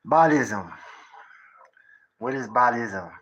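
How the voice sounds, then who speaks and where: A man's voice: medium pitch, lively intonation, slow, a bit bright, low-quality recording. A man in his thirties giving a rambling, profane livestream monologue, lecturing his viewers with rhetorical questions in a conspiratorial tone. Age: 30s.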